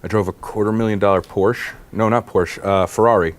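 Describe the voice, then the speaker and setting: A man with a very low voice chatting on a comedy club stage. He talks in a halting, deadpan way, stumbling and restarting his sentences. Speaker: guest comedian. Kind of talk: onstage interview chat.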